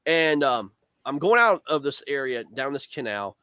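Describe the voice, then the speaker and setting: A man's voice: mid-range voice, normal speed, clear, resonant tone, no room sound. A man on a video call, telling a long fishing story in a casual, rambling way, full of "man" and "dude". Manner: rambling, animated, lots of fillers like "man" and "dude". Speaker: guest angler.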